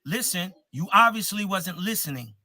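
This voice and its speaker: A man's voice: high voice, animated, normal speed, a crowd in the background. A man hosting a live stream, slangy and combative in a heated debate, cutting in and talking over his guest. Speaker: livestream host.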